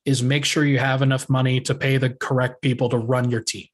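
A man hosting a sports podcast with a hyped-up, energetic delivery. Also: mid-range voice, fairly quick, slightly rough. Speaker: podcast host.

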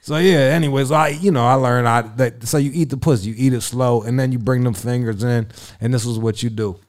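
A man's voice: mid-range voice, steady tone, brisk. Crude boastful man telling stories. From Italian heritage. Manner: crude, boastful storytelling with loud bursts. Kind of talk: casual chat.

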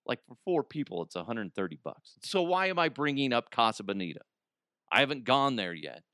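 A man's voice: mid-range voice, sing-song, brisk, sharp tone, dry recording, studio quality. A man hosting a podcast, ranting in a crude, rambling comedic monologue and often laughing. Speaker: podcast host.

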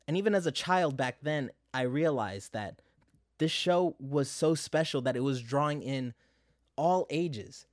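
A man's voice: a little high, measured pace, no echo. Young male vlogger, casual nostalgic monologue, dry recording. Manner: conversational, many fillers and asides.

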